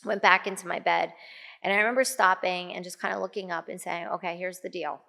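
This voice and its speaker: A middle-aged woman, a guest on a podcast, tells a personal story in a chatty, casual way, loaded with fillers and acting out what she and others said. Her voice is fairly low and steady yet brisk, gravelly, pushed and bright.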